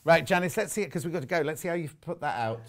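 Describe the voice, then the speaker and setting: A man's voice: a little high, expressive, rapid-fire. A man presenting live on a shopping channel, chatty and rambling, teasing his guest. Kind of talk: live TV sales chat.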